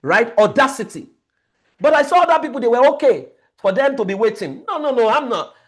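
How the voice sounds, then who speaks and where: A man's voice: very high-pitched, very animated, a little fast. A man, a family life coach giving an emphatic motivational training lecture, repeating key words as he tells stories.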